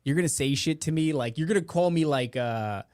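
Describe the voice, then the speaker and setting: With headphones on and a close studio mic, a podcast host rants through profane, sarcastic jokes on a casual live show. His voice is fairly high, brisk and darkish, with no echo, recorded in an indoor room next to a meeting room.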